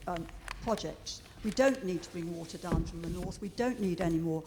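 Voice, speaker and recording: A woman's voice: lowish voice, normal speed, noisy background. Earnest middle-aged woman in reverberant hall. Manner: earnest, hesitant with frequent ums. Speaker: water campaigner addressing a committee. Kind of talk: public statement. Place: large meeting chamber.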